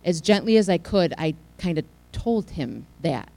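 A woman telling a heartfelt personal testimony to a church congregation, her delivery swinging from hushed to loud. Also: fairly low pitch, lively intonation, moderate pace, rough recording. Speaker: church speaker sharing a testimony.

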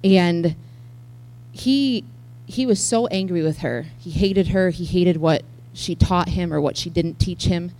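Woman with a gravelly low voice giving testimony. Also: a little slow, rough recording. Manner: heartfelt storytelling, swinging from hushed to loud. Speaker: church speaker sharing a testimony. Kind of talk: personal testimony to a congregation.

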